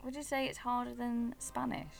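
A woman's voice: a little high, level tone, moderate pace, creaky. A woman co-hosting a casual podcast chat, chatty and teasing as she talks through food and customs. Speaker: podcast co-host. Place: home in Wales.

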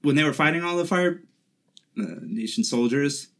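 A man's voice: fairly high pitch, moderate pace, fairly bright tone. A man co-hosting a podcast, chatting casually about a cartoon episode, laughing often and acting out quotes. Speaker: podcast co-host. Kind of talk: casual chat.

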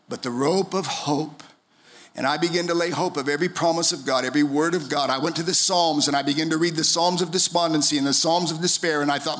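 Impassioned high-voiced male preacher. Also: fast. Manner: impassioned preaching, swings from soft to shouting. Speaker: pastor. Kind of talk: sermon. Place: church.

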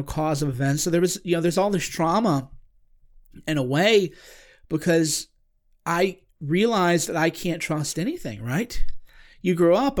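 Telling a personal story on a casual podcast, a man with a somewhat higher voice sounds earnest and searching. He often breaks off and restarts mid-sentence, trying to find the right words.

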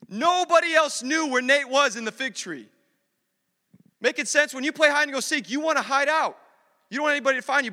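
A man's voice: very high voice, sharp tone, in a large hall. A man preaching a sermon as pastor, impassioned and repeating phrases for emphasis.

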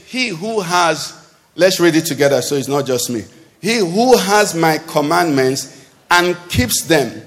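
A man preaches in a high, lifted voice, tossing questions out to the congregation and waiting for them to answer. His voice rings through a hall with a long, trailing echo. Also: fairly bright tone. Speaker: pastor. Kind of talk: sermon. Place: church hall.

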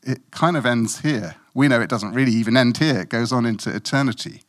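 A man's voice: medium pitch, a little fast. A middle-aged man from Africa preaching a sermon in a conversational, self-mocking way, with playful asides.

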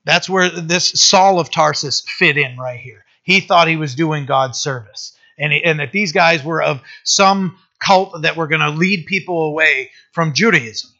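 Bright-voiced preacher, muffled recording. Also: male voice, a little high, unhurried, few pauses. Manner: conversational, asks the room "right?" often; reads scripture aloud, then explains it. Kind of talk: sermon.

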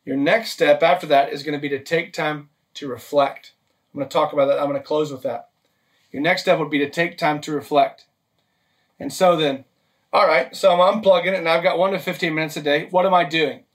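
Pastor, male, fairly high voice, conversational sermon delivery, caught a little away from the mic. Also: steady tone, a little fast, distant mic. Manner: practical, list-driven teaching with frequent "okay?" and "right?" check-ins.

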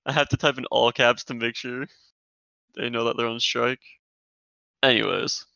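Man, gravelly bright voice, casual co-host, laughs a lot, relaxed. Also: medium pitch, normal speed, dry recording, lo-fi sound. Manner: laid-back, laughs often, says dude a lot. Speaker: podcast co-host. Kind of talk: casual gaming podcast chat.

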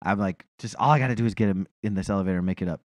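A man's voice: fairly low pitch, very fast, no room sound. A man telling a profane, self-mocking story in a casual podcast chat.

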